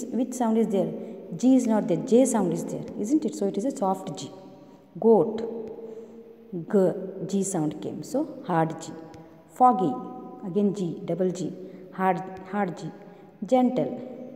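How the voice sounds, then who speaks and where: A woman's voice: medium pitch, warm tone. Echoey woman teaching phonics. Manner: slow, repetitive, drilling sounds with many questions. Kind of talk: online phonics lesson for young children. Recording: roomy echo with long reverb.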